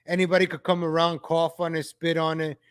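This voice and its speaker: A man ranting in exasperation as he comments on videos for his viewers, calling them ladies and gentlemen. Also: a little high, level tone, fairly quick, smooth.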